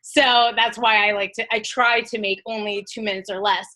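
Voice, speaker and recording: A woman's voice: medium pitch, steady tone, moderate pace, bright, forceful tone, low-quality recording. A woman on a team video call giving casual, chatty advice about making short videos, full of "like" and "you know.". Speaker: guest coach on team call.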